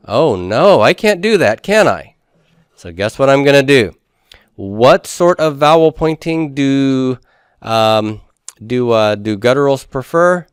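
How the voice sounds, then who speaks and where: A man's voice: medium pitch, clear, resonant tone, no room sound, clean studio sound. A man teaching a lecture, explaining step by step and asking and answering his own questions. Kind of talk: classroom lecture.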